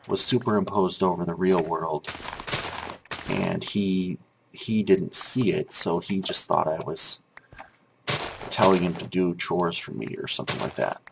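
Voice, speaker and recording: A man's voice: low voice, creaky, noisy background. A grown man telling a rambling story over gameplay commentary, with frequent restarts and filler words. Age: adult.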